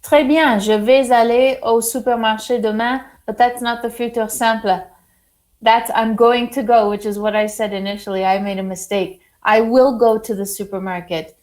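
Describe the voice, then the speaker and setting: A woman teaching a French lesson to a class, slow and deliberate, praising students often. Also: mid-range voice, fairly even intonation, poor audio.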